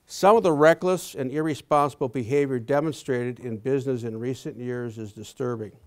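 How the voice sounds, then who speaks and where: A man in his sixties giving a prepared talk to a university audience, halting often with fillers and restarts. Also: mid-range voice, steady tone. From Wisconsin. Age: 60s. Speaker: guest speaker.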